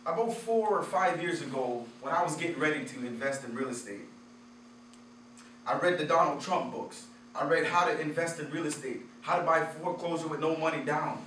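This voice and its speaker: A man's voice: a little high, moderate pace, a bit bright. A man giving a motivational talk, telling candid personal stories and chuckling at his own stories. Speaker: motivational speaker. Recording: roomy echo, distant from the mic, faint noise.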